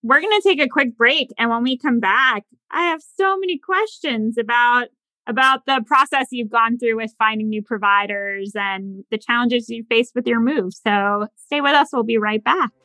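Bright-voiced woman podcast host. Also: fairly high pitch, moderate pace, no room sound, rough recording. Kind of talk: casual interview chat.

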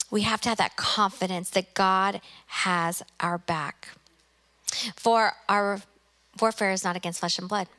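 Bright-voiced woman preaching with fervor. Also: mid-range voice, steady tone, measured pace. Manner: emphatic, exhorting, repeats phrases for effect. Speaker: pastor. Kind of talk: sermon.

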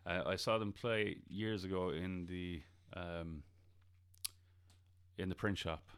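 A man's voice: low voice, steady tone, takes it slowly, clean tone. A man who promotes a festival, chatting casually as a podcast guest, hesitant with many ums and restarts. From Ireland.

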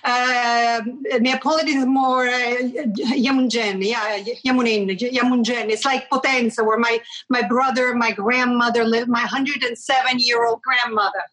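A woman's voice: fairly high pitch, steady tone, a little slow, few pauses, a bit bright, rough recording. A woman from Switzerland, a guest actor, chatting casually in a video-call interview. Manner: chatty, with frequent restarts.

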